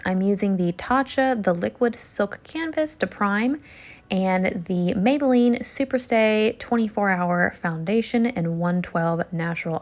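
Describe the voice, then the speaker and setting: A woman narrating a makeup tutorial voiceover step by step in a relaxed way. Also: mid-range voice. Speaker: beauty vlogger.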